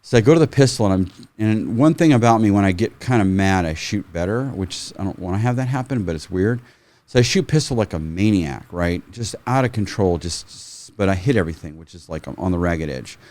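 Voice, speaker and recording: A middle-aged man, a firearms trainer, telling stories in a casual, animated way, swearing freely and acting out quotes. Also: deep voice, a little fast. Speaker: firearms trainer, podcast guest. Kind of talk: casual storytelling.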